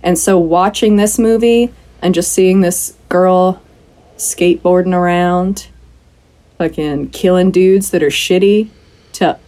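Her voice is lowish and warm, with fairly even intonation and an unhurried delivery. As a podcast co-host, she talks films in a loose, lively way, performing quotes and cursing without restraint.

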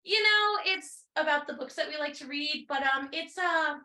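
A woman's voice: sits high, fairly even intonation, moderate pace, bright, forceful tone, roomy sound. A woman co-hosting a podcast in casual chat, telling stories in a rambling way with many fillers. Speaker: podcast co-host.

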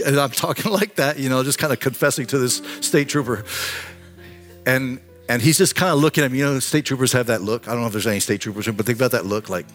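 A man in his sixties, a pastor preaching a sermon in a church, telling a personal story earnestly and swinging from impassioned to hushed. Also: mid-range voice, quick pace, faint music behind. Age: 60s. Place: church sanctuary.

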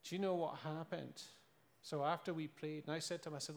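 Scottish male preacher, earnest storyteller, slightly higher voice. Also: steady tone, brisk, gravelly, hardly any pauses. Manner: earnest, storytelling, with rhetorical questions and laughs. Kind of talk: sermon.

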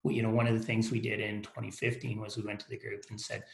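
Gravelly man telling stories, roomy echo. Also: on the low side, monotone, fast, noisy background. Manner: frank, repeats and restarts words. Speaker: company leader, podcast guest. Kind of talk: casual storytelling interview.

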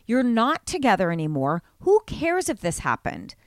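A woman co-hosting a podcast in casual gossip chat, animated and swearing freely. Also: fairly high pitch, normal speed, no room sound, clean studio sound. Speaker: podcast co-host.

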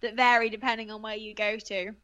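A woman's voice: on the high side, little pitch movement, fairly quick, a bit bright, lo-fi sound. A young British woman from England, an actress chatting politely and laughing easily in an interview. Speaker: guest actress. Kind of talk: casual interview chat.

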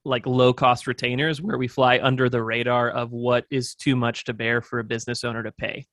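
A man's voice: medium pitch, level tone, brisk, fairly bright tone, no room sound, clean studio sound. A man guesting on an interview show, talking through business plans in a thoughtful, rambling way with lots of fillers. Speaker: agency owner, podcast guest. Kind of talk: casual interview talk.

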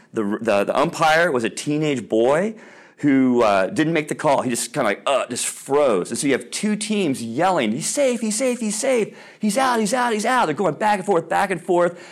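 A man giving an informal Christian talk to parents, telling stories with many ums and restarts and acting out the voices he quotes. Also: medium pitch. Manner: animated storyteller, acts out quoted voices loudly; casual with frequent ums and restarts. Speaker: speaker on Christian sports parenting.

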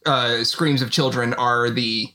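A man's voice: medium pitch, fairly even intonation, slow, bright, forceful tone. A man co-hosting a podcast in casual chat, talking loosely and laughing often. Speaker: podcast co-host.

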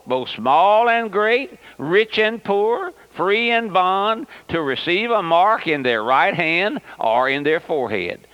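A man's voice: a little high, dry recording. A man preaching an emphatic, folksy radio sermon, repeating words and calling listeners "my friend". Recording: dull, lo-fi radio broadcast.

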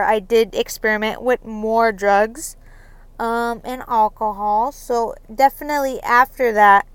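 Young woman podcaster, smooth fairly high voice, dry close sound, rambly with awkward laughs. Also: no room sound. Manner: rambling, nervous laughs, many ums. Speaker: podcast host. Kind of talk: casual solo podcast confession.

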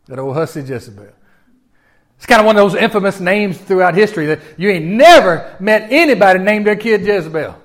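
A man preaching a sermon in a folksy, animated way, often asking his listeners questions. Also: high voice, a little fast. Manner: folksy and animated, with repeated restarts and audience questions. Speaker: pastor.

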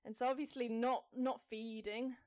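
A woman's voice: fairly high pitch, flat delivery, moderate pace, dark tone. A woman guest on a casual fan podcast, talking with enthusiasm and laughing often.

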